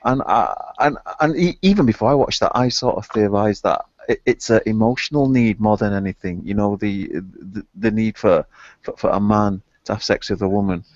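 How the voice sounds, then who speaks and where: A man's voice: lowish voice, normal speed, no room sound. A man in casual chat, thinking aloud with many hesitations and restarts. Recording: dry, dull lo-fi audio.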